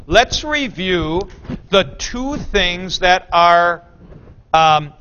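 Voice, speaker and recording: A man with a high, bright voice gives a slow, unhurried classroom lecture on grammar, stopping to fix his own slips. The sound is dull and lo-fi, with a faint hiss underneath. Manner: thinks aloud, corrects himself mid-explanation. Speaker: Greek teacher.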